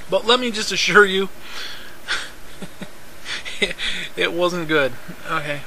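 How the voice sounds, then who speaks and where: High bright-voiced man telling a story. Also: takes it slowly, a little hiss or hum, rough recording. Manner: rambling and profane, repeats himself, laughs often. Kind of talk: casual spoken storytelling.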